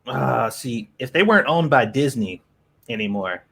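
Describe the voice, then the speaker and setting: A man's voice: mid-range voice, lively intonation, normal speed, vocal fry, fairly bright tone. A man on a podcast panel making dry, joking asides in casual chat.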